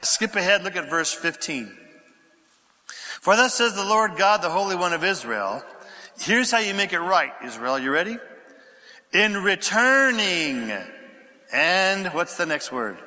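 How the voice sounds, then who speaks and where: A pastor preaching a sermon, reading scripture aloud, questioning his congregation and dropping to a whisper for quiet passages. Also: sits high, lively intonation, moderate pace. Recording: echoey hall with long reverb.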